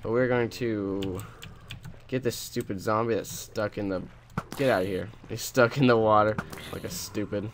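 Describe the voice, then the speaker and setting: A young man with a fairly low voice rambles through casual gameplay commentary, slipping into sarcastic rants and frequent restarts. Faint keyboard clicks sit behind his voice. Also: fairly even intonation, normal speed, a little hiss or hum. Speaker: let's play host.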